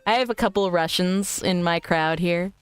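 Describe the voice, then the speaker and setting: A woman's voice: on the low side, normal speed, clear, resonant tone, dry recording, soft background music. A woman VTuber streamer in casual live-stream chat, reading viewer messages aloud and answering them. She talks in a crude, joking and teasing way.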